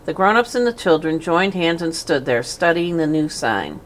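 A woman narrating a children's storybook in a gentle, even manner. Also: lowish voice, moderate pace, few pauses. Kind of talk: storybook reading aloud.

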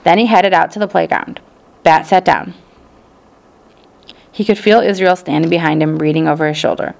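A woman narrates an audiobook in a steady, even storytelling voice. Her tone sits fairly low and has a gravelly texture. Her delivery is calm and measured.

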